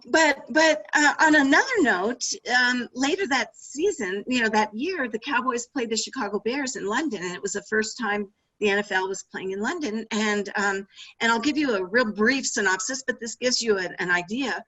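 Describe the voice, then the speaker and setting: Bright, husky-voiced woman telling stories. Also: a little high, normal speed, low-quality recording. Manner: animated anecdotes with laughter and restarts. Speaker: author and former sportswriter. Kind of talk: storytelling interview answers.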